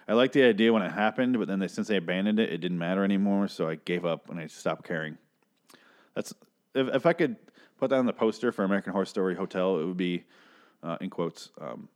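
A man's voice: low-pitched, darkish tone. A man casually recapping a TV episode, swearing often and sounding exasperated as he rambles through the plot. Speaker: TV recap host.

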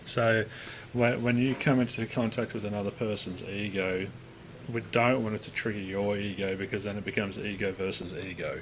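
A man co-hosting a podcast in casual chat, animated and swearing, acting out the voices he quotes. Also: on the low side, moderate pace, background noise. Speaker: podcast co-host.

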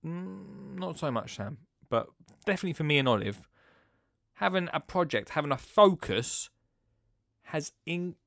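A man hosting a podcast in a rambling, chatty way, swinging between loud bursts and hushed asides. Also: a little high, animated, measured pace, creaky, no echo, clean studio sound. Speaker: podcast host. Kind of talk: casual chat.

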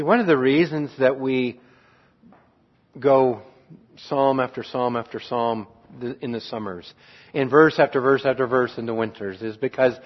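A man preaching an earnest, reflective sermon on a psalm as a pastor, trailing off softly at times. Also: medium pitch. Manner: earnest, reflective, with restarts and soft trailing endings. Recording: dull lo-fi sound.

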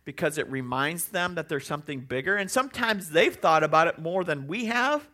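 Preacher, sermon, lively storytelling, bright voice, casual delivery. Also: mid-range voice, a little fast. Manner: animated storytelling, conversational.

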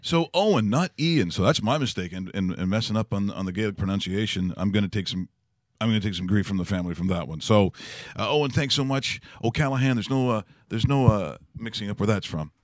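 A male sports talk host with a low voice, rambling through casual banter with plenty of fillers, restarts and easy laughs. He was recorded close and dry in a studio. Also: fast talker, dry recording.

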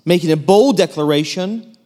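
A man preaching a sermon in an earnest way, moving between emphatic stretches and hushed ones, with frequent fillers. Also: sits high, normal speed. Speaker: pastor.

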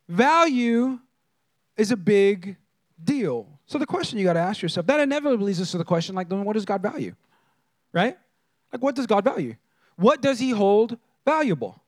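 A man preaching a sermon as a pastor, conversational and animated, who repeats phrases and throws questions at the congregation. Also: sits high, moderate pace, dry recording.

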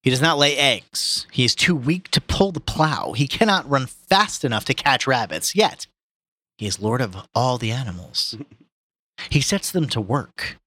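A man putting on a solemn old boar preaching revolution to the farm in a hammy Russian accent. The voice swoops high and low with a bright, slightly husky edge. It is a dry, close recording. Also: expressive, measured pace, no echo. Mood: indignant. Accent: put-on Russian. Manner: booming speechmaking, slips out of character into laughter. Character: old male boar rallying farm animals, grave and fiery. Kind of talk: comic dramatic reading.

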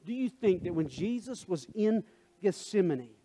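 A male pastor preaching a sermon, swinging between hushed prayer and loud, emphatic calls to the congregation. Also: high voice, very animated, moderate pace. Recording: faint guitar music underneath.

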